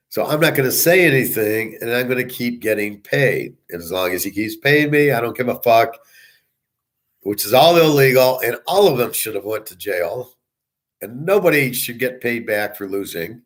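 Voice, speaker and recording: A man giving a profane, scornful monologue as a sports handicapper and commentator, talking bluntly. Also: medium pitch. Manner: blunt, scornful, swearing often.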